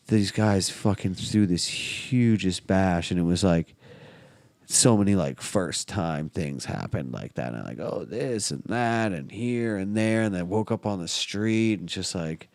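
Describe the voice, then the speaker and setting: A young man in his twenties rambles through his stories in a relaxed, slangy way. His voice sits a little low. The sound is dry and close, with no room around it. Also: no echo. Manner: laid-back slangy storyteller, heavy swearing and fillers. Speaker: podcast guest. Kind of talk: casual storytelling.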